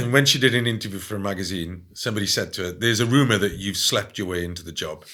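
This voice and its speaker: A man telling stories in a casual interview, animated and often adding "right?". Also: fairly low pitch, fast talker. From Wales. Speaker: guest.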